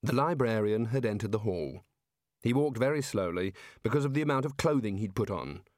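Dry, deadpan male audiobook narrator. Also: lowish voice, fairly quick, no room sound. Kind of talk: scripted comic fantasy narration.

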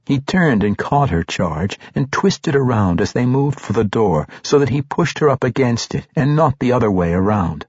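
Husky male audiobook narrator. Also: medium pitch, no echo. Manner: measured, steady reading. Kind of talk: scripted narration. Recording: dull, dry, muffled.

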